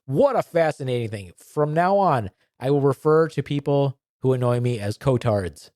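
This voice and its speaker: A male podcast co-host in casual comedic chat. He teases in a dry, deadpan manner while his pitch moves around a great deal. The sound is close and dry. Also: normal speed, dry recording.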